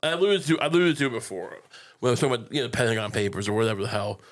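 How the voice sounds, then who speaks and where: A man's voice: mid-range voice, very fast. A man co-hosting a podcast in casual comedic chat, rambling and joking, slipping into goofy impressions. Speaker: podcast co-host.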